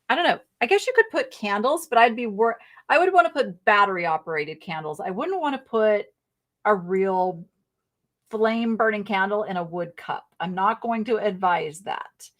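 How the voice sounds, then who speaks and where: A woman's voice: fairly high pitch, fairly bright tone. A middle-aged woman hosting a live online sale in a chatty, rambling way, thinking aloud as she shows items. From American South. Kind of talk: casual live selling chat.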